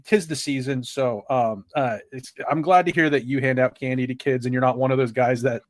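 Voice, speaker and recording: A man's voice: mid-range voice, fairly even intonation, brisk, no room sound. Thirties male co-host, rambling storyteller, dry close sound. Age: 30s. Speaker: podcast co-host. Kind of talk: casual sports podcast chat.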